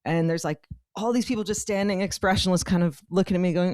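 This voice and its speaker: A woman from Canada, co-hosting a podcast in a studio, spinning animated anecdotes full of laughter and acted-out quotes. Her voice sits a little low, and the studio mic sounds dry and close. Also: a little fast, hardly any pauses, no room sound. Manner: animated storyteller, laughs often, acts out quotes. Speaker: podcast co-host. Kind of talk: casual chat, storytelling.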